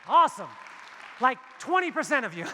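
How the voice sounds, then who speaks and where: High, bright-voiced male keynote speaker. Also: normal speed, in a large hall, a faint crowd, slight background noise. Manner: animated storytelling, acting out dialogue. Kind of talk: motivational keynote speech. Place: large event hall.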